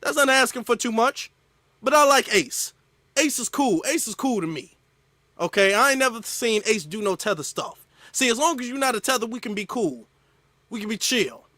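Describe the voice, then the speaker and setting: A man hosting a reaction commentary, animated and mocking. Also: very high-pitched, moderate pace, dry recording. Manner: animated, mocking impressions of others. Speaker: commentary host.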